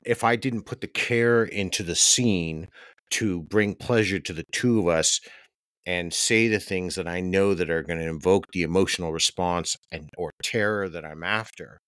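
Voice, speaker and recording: A man's voice: deep voice, moderate pace, a bit bright, no room sound. A man hosting a podcast, talking candidly and emphatically in casual conversation. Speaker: podcast host.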